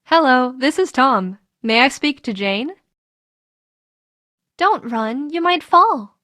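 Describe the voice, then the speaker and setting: A woman with a high voice reads short practice sentences at an unhurried pace. Her delivery is clear and measured, with each line set apart. The sound is close and dry, with no room behind it. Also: animated, sharp tone, no room sound. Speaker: English sentence reader. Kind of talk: slow scripted sentence reading.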